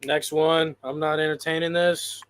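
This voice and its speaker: A man's voice: fairly high pitch, flat delivery, normal speed, over a noisy crowd. A man co-hosting a wrestling podcast in casual chat, emphatic and theatrical, swearing freely. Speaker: podcast co-host.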